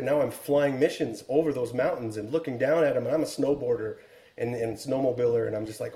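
A man in his forties tells a story as a podcast guest, earnest and reflective, pausing to restart his thoughts. His voice is mellow and warm, and the room around him has a noticeable echo. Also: medium pitch, fairly even intonation. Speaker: guest, Air Force helicopter pilot and author.

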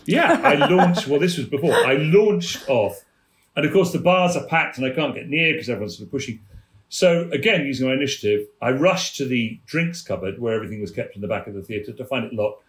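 A man, a theatre producer telling anecdotes on a chat show, animated and laughing as he goes. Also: mid-range voice, fairly quick, echoey room. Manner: animated storyteller, laughing mid-story.

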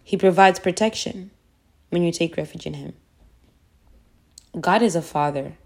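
Earnest woman podcaster, slightly low voice. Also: a little slow, vocal fry. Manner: earnest, repeats phrases for emphasis. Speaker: faith podcast host. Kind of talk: devotional podcast talk.

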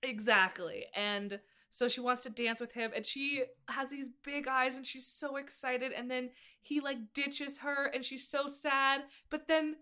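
A woman's voice: high voice, flat delivery, unhurried, few pauses, pushed and bright. A woman in her late twenties, co-hosting a podcast in bubbly, rambling casual chat. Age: late 20s. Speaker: podcast co-host.

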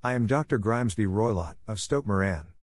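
A man's voice: lowish voice, expressive, fairly quick, no room sound, close to an everyday voice. A man voicing a huge, furious old doctor in a storybook reading, blustering and snarling.

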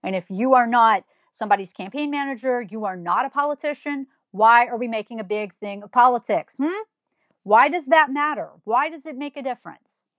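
A woman's voice: a little high, moderate pace, a bit bright, no room sound, clean studio sound. A woman giving an opinion monologue, blunt and scolding, firing off one rhetorical question after another. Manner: emphatic, fires rhetorical questions. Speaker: commentator.

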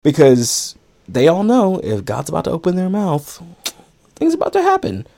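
A man's voice: fairly high pitch, wildly swooping pitch, moderate pace, gravelly, warm tone, slight background noise. A man hosting a podcast, casually recapping a film in a rambling way with lots of fillers and frequent laughs. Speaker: podcast host.

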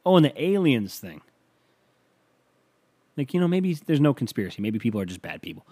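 A man's voice: medium pitch, very animated, fairly quick, warm tone, husky. Man with a profane, rambling delivery. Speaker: podcast host. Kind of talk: comedic solo podcast monologue.

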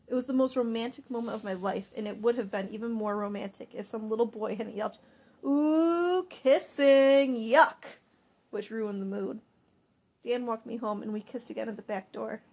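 A woman narrating a first-person audiobook with an expressive, animated reading. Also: medium pitch, brisk, creaky, slightly rough.

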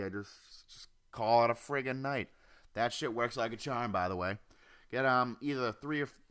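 A man's voice: medium pitch, sharp tone, clear, resonant tone. A young man hosting his own podcast from home, ranting casually, swearing constantly and jumping from topic to topic on a desk mic. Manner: profane, rambling, jumps off topic. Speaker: podcast host. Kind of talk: casual solo rant. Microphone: home computer or desk mic.

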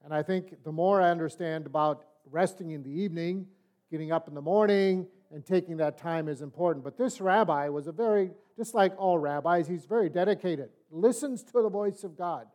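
An older man teaching a Bible study in a relaxed, folksy, conversational way, telling stories. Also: a little high, a little fast. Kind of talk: sermon-style storytelling and teaching.

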